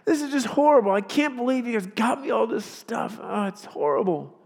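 A young boy wails and complains in a high, tearful whine, as a preacher puts him on. The voice rings out in a big, echoing sanctuary. He sounds like a sulky kid in a story told from the pulpit. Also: very animated, fairly quick, heavily acted. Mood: whiny complaint.

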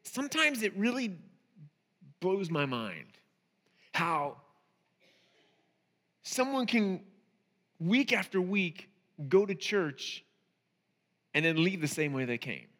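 A male pastor preaches in a conversational way, tossing rhetorical questions to his congregation. His voice is high and bright, with a long reverb from the church hall trailing behind it. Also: very animated, slow, long pauses. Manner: conversational, asks rhetorical "right?". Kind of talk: sermon.

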